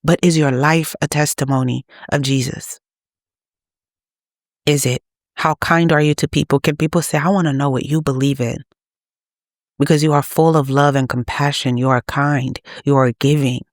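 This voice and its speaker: A woman's voice: low voice, steady tone, normal speed, no echo, studio quality. A woman preaching to her channel's viewers in an urgent, exhorting manner. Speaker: channel host. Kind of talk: preaching to camera.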